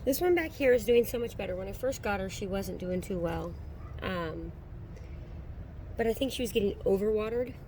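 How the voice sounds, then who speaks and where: A woman in her thirties giving a relaxed, casual tour of her backyard garden, with frequent ums, recorded on a handheld phone outdoors. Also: mid-range voice, normal speed, slight background noise. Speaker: gardening vlogger.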